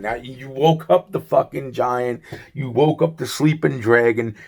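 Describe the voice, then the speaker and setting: A man's voice: mid-range voice, gravelly, a little mellow. A man giving a rambling solo video monologue, heavily profane and full of restarts and fillers, agitated and worn out. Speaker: vlogger.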